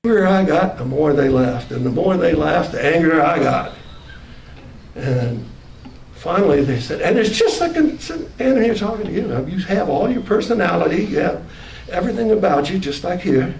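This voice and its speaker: Guy telling his near-death story, high lively voice, sounds far off in a roomy room with faint hiss. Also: normal speed, gravelly. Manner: animated, quoting himself with rising anger and laughs. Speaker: near-death experience witness. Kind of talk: personal storytelling in an archival clip. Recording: roomy, distant, faintly noisy clip.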